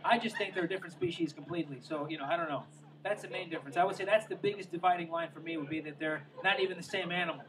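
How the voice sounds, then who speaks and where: A man's voice: fairly high pitch, very fast, distant mic, crowd noise, rough recording. A man doing a stand-up comedy set outdoors by the water, rambling and self-mocking, drifting into asides and tripping over his own words. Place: outdoor show near the water.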